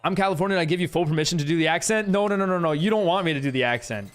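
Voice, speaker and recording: Soft music plays in the background as a young man streams a game, talking very fast in a fairly high-pitched voice. He's chatty, reading chat messages out loud and reacting as he plays.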